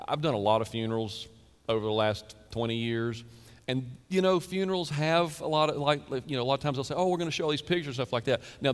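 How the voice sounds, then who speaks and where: A man in his fifties, a pastor, preaching a sermon in a chatty, storytelling way with quick asides. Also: a little high, big-room sound. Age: 50s.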